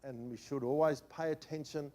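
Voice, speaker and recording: A middle-aged pastor tells a personal story from the pulpit in a fairly high voice. He is animated, swinging from loud bursts to quiet asides. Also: moderate pace. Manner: animated anecdote-telling with swings in loudness. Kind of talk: sermon storytelling.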